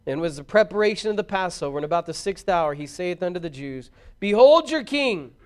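A man giving a solemn, measured formal scripture reading. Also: fairly high pitch, smooth. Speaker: scripture reader.

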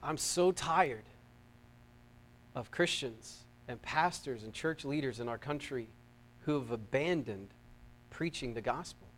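A man from the United States preaching a sermon, fervent and emphatic, swinging between loud peaks and quiet asides and repeating his phrases. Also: medium pitch, unhurried, long pauses, slight background noise. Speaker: pastor.

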